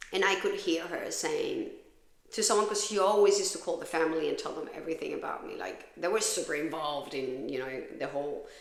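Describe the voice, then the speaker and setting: A woman hosting a podcast tells her own story in a raw, profane, confessional way. Her voice sits low with a fairly bright tone, and the room is echoey.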